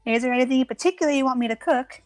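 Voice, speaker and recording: A woman's voice: sits high, racing, no echo, soft background music, pitched above the performer's own voice, lightly acted. A woman voicing an eager, cheerful young cook in a tabletop game, bubbly and caring.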